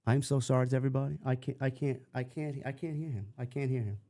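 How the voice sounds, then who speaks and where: A man's voice: medium pitch, fairly even intonation, quick pace, mellow. A man co-hosting a casual livestream, flustered and cursing while he sorts out audio trouble. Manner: flustered, swears, repeats himself. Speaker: podcast co-host.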